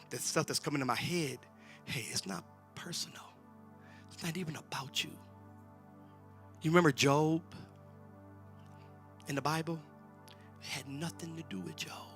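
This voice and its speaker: A man preaching a sermon in a church, talking in a loose, colloquial way and swinging between shouts and whispers. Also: on the high side. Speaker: pastor. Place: church sanctuary.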